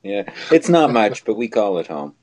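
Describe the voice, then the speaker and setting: A man's voice: medium pitch, huge pitch swings, normal speed, vocal fry, darkish tone. A man in a casual livestream chat, playful and jokey, spinning silly scenarios.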